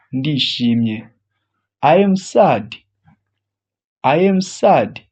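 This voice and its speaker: Slow husky language teacher. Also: mid-range voice, muffled recording. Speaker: English teacher. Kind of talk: phrase drill lesson, each English phrase said twice then translated.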